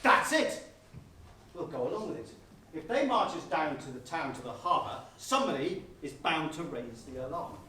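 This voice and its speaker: Guy doing a pompous bossy home guard captain, high lively voice, big echoey hall from far back. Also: moderate pace, a little hiss or hum. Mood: eager. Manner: pompous, blustering, commanding. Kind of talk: amateur stage comedy performance. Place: theatre stage.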